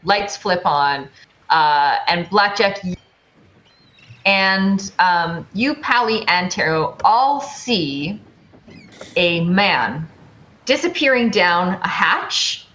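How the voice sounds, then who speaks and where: Slow, hesitant woman game master. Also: fairly low pitch, expressive, fairly bright tone, reverberant, muffled recording, a little hiss or hum. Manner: halting narration with frequent fillers. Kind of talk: narrating a tabletop game.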